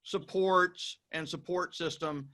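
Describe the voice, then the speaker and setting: A man's voice: on the high side, steady tone, slow pace, bright, forceful tone. A man appearing as a guest, talking in an upbeat, encouraging way and checking in with asides. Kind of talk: motivational conversation.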